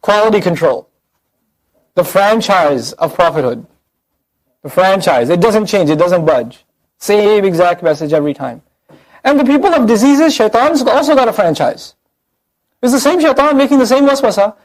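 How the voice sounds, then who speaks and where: A male Quran teacher lectures at a brisk clip in a fairly high voice. He talks straight to his audience and keeps firing rhetorical questions at them. The delivery is animated and conversational rather than formal. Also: low-quality recording. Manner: conversational, addresses the audience directly. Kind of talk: lively religious lecture.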